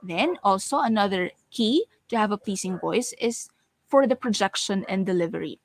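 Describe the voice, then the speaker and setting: A woman giving an online lecture on voice and speaking skills for teachers, speaking with clear, deliberate delivery and stressing her examples. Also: medium pitch, animated. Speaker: webinar speaker on voice training for teachers.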